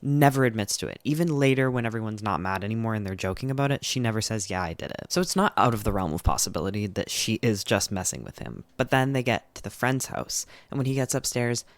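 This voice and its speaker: A man's voice: fairly low pitch, expressive, quick pace, few pauses. A man giving a chatty, candid book summary, full of "like" and the odd swear word. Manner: chatty, filler-heavy retelling with frequent "like". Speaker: book reviewer. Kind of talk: casual book summary monologue.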